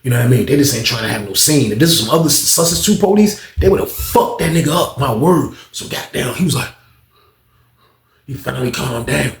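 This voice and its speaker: A man telling a prison story in casual, animated fashion, acting out everyone's voices with heavy slang. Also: medium pitch, fairly quick, vocal fry, roomy sound.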